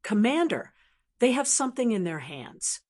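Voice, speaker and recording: A woman reading a calm, assured young martial hero. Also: on the high side, moderate pace.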